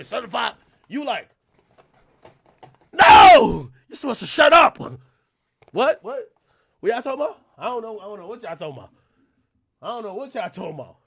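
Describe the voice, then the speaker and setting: A man hosting a livestream, ranting loudly and profanely, often laughing and now and then rapping lines in a casual chat. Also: very high-pitched, dry recording, clean studio sound. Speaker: livestream host.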